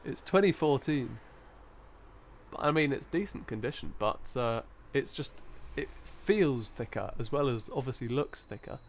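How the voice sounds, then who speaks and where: A man chats loosely on a live stream from his desk, wandering between thoughts and laughing easily. His pitch is unremarkable, a plain middle register. There is a faint hum of room ambience behind him. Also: animated, a little slow. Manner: rambling and chatty, laughing often. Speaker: coin-hunting live streamer. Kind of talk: casual live-stream chat.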